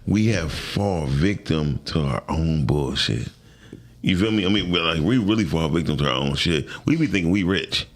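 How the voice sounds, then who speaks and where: Deep gravelly man chatting. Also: lively intonation, normal speed. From Detroit. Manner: loose storytelling, slangy. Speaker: morning show co-host. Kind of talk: casual chat.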